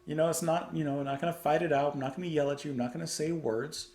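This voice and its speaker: A man's voice: fairly high pitch, fast talker, a bit bright, echoey room. A man giving casual reaction commentary on music, chatty and thoughtful as he muses aloud.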